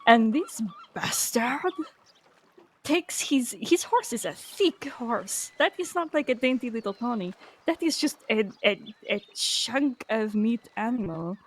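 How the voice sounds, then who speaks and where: A woman player telling an animated story in character, acting out the other people's lines as she goes. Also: a little high, unhurried. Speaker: roleplay game player.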